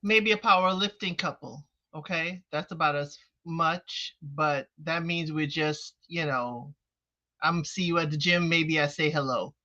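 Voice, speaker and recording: A wry woman on a casual panel who hands out advice with a knowing tone. Her voice is bright, but the recording is dull and lo-fi. She talks in an unhurried way. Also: deep voice. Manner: wry, advising. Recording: dull lo-fi audio.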